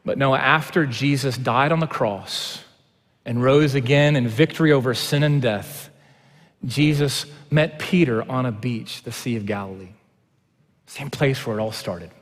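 A male pastor delivers a sermon in a church sanctuary, and his voice rings out in a long hall reverb. He moves between hushed, low passages and loud, fervent preaching. His pitch sits in an ordinary middle range for a man. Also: a little slow.

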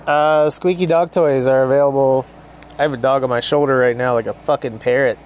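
A man in his thirties hosting a casual solo podcast at home, rambling and swearing through a deadpan mock ad with pets around him. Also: mid-range voice, fairly quick, a little hiss or hum. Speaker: podcast host.

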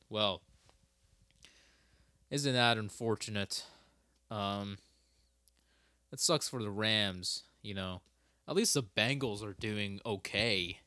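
A man's voice: fairly low pitch, slow, pauses often, sharp tone, no room sound, clean studio sound. A young man hosting a casual solo podcast, rambling and stopping himself mid-sentence, cursing freely. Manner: rambling, self-interrupting, swears a lot. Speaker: podcast host.

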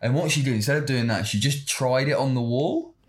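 A man's voice: mid-range voice, fairly quick. A young man, chatting casually with friends and telling a story with plenty of swearing. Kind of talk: casual chat.

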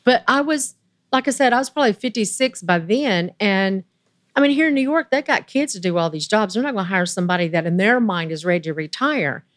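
A woman in her sixties with a Southern US accent tells her story in a chatty, animated way, her voice jumping high when she gets excited. Her voice sits at an ordinary pitch and sounds close and dry. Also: brisk, dry recording. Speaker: interview guest. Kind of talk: personal storytelling.

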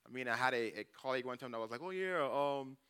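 A church elder delivers a conversational sermon in a bright, smooth, mid-pitched voice that stays level but races along. He tells personal stories, acts out his own reactions and keeps asking the congregation "okay?"

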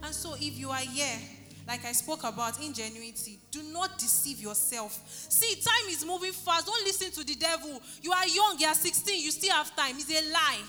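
A woman delivers a sermon, her high, bright voice pressing and repeating phrases with fervent urgency. She rings through a reverberant church hall with soft music underneath. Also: expressive, moderate pace. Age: 30s. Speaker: preacher. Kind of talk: sermon with altar call.

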